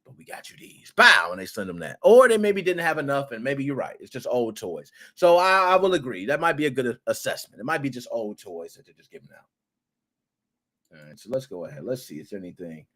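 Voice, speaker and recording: A man hosting a gaming podcast, talking in an animated, excitable way with playful rants and cursing. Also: mid-range voice. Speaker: podcast host. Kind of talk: casual commentary podcast.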